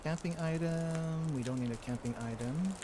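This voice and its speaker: A young man streaming a video game, thinking aloud and reading item text in a halting, casual way. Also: fairly high pitch, background noise. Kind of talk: casual gameplay commentary. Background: game music.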